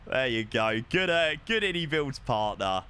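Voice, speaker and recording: Excitable male streamer with a bright voice. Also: medium pitch, measured pace, clean tone. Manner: excitable, swears, talks to chat. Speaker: live streamer. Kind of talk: casual live-stream chatter.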